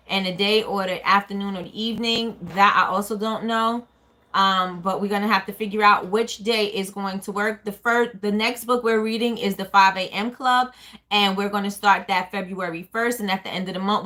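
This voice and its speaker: Her mid-range voice comes across bright and forceful as she hosts a casual live stream for her small business. She chats and replies to viewers' comments as they appear.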